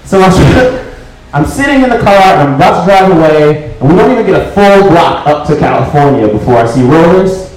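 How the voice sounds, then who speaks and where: A man doing a stand-up comedy set on a club stage, swearing freely and breaking into shouts for emphasis. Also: on the high side, expressive, fairly quick. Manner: profane, emphatic, bursts into shouting. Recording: echoey live room.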